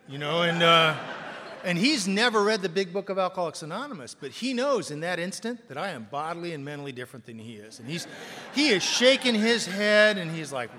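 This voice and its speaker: A man telling a self-mocking story to an audience, acting out voices and loud punchlines. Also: sits high, very animated, fairly quick, long reverb tail. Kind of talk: recovery storytelling with comic bits.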